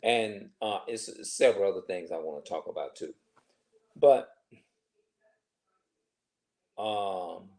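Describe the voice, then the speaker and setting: A man in his forties talking to camera in a rambling personal monologue, halting and restarting often. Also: lowish voice, darkish tone. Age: 40s. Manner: halting, many restarts and filler phrases. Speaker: vlogger.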